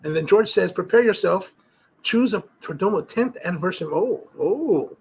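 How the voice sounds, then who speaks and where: Hosting a cigar livestream, a middle-aged man reads viewer comments and chats casually, rambling through stories with many restarts and fillers. He speaks at normal speed in a high-pitched, breathy-edged voice with lively intonation.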